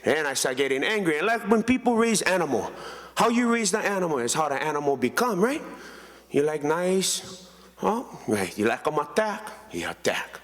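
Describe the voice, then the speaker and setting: A man's voice: fairly high pitch, normal speed. A man in his thirties with a Hawaiian Pidgin accent, giving a keynote speech and telling stories about himself in a joking way. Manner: joking, storytelling, lively. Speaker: keynote speaker. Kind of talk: storytelling speech. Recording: reverberant hall.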